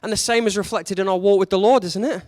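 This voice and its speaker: A man's voice: high-pitched, fairly even intonation, fast talker, darkish tone, dry recording. Male preacher, conversational sermon delivery, rhetorical questions, dry and upfront. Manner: conversational and candid, with rising emphatic questions.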